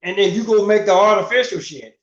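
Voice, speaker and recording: A man's voice: high-pitched, a little fast. A middle-aged man in a casual, profane rant as a livestream host, asking rhetorical questions with emphasis. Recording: roomy, dull lo-fi sound.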